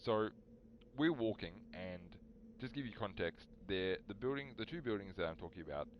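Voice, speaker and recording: Brief: a young, very low-voiced streamer, chatty and animated, faint hiss behind. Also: male voice, a little fast, dull audio. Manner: rambling, animated, talks to chat. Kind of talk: casual storytelling on a live stream.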